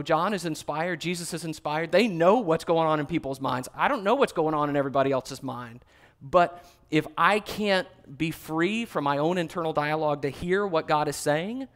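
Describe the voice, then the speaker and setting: Guy with a slightly high voice teaching bible study, chatty, lots of uhs. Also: a bit bright. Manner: conversational, with fillers and self-corrections.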